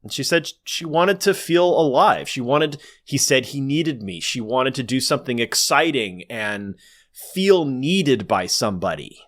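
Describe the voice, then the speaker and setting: A man's voice: medium pitch, expressive, unhurried, fairly bright tone. A man in casual conversation, eagerly summarizing a film's scenes and acting out lines. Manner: enthusiastic, breaks into narrated quotes. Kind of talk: casual movie recap chat.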